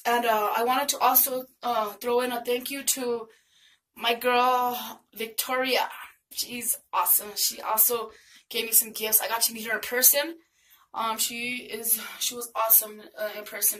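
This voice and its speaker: Older lady vlogging at home, bright pushy voice, bit hoarse, gushy slangy chat, mic kinda far. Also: a little high, little pitch movement, measured pace. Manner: gushing, affectionate, slangy. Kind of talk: casual vlog chat. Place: home, indoors. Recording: mic at a distance, faint noise.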